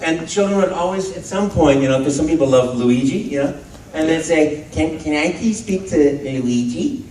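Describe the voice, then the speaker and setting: Recorded on a phone far back in an echoey convention hall, a man in his fifties talks to a crowd in a fairly high, lively voice. He is animated and earnest. A faint hiss of room noise sits under the speech. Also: normal speed. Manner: bursts into loud high cartoon voices; earnest and heartfelt when reflecting. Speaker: voice actor on a convention panel. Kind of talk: animated panel talk to an audience. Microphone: handheld phone in the audience.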